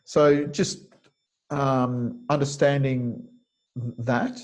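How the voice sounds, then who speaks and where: A man's voice: medium pitch, steady tone, very slow, poor audio. A man teaching a webinar lecture over a video call, explaining step by step and thinking aloud with frequent fillers. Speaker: kinesiology teacher.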